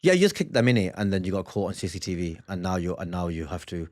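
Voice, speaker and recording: A man's voice: deep voice, quick pace. A man from England, a comedian co-hosting a podcast and telling stories with voices. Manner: animated storytelling, acts out voices. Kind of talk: comic banter. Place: family home.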